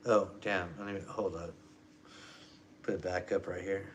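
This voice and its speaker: A man ranting in a rambling, low-key, muttering monologue. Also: little pitch movement, measured pace. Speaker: vlogger.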